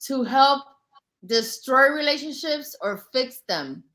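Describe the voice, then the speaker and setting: A woman's voice: high-pitched, expressive, takes it slowly, a bit bright, rough recording. A woman in her forties hosting a live panel, talking bluntly and confrontationally, with boastful self-assurance. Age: 40s. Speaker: panel host. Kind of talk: heated live panel talk.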